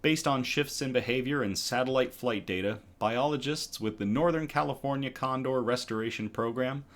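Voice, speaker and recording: A man's voice: mid-range voice, normal speed. A man hosting a casual online news show, reading articles aloud in a conversational way with frequent ums and self-corrections.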